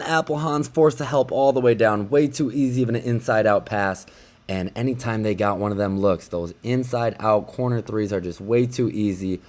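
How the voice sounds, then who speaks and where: Young guy talking over game highlights, kinda low voice, gets hyped. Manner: excitable, chatty fan commentary. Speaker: game recap commentator. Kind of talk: casual play-by-play recap.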